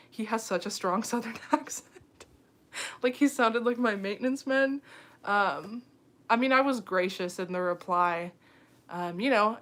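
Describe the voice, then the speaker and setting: A woman's voice: medium pitch, a bit bright. A young woman hosting a late-night phone livestream, reading viewer comments and chatting casually, giggling often and filling her talk with "um" and "like". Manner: chatty, giggly, heavy on fillers like "um" and "like".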